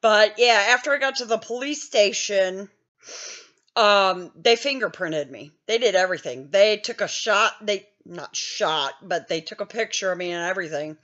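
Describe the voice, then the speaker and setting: A woman's voice: mid-range voice, normal speed, fairly bright tone, dull audio. A woman in her fifties telling a story in a casual, blunt way, laughing often and swearing freely. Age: 50s. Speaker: gaming channel host.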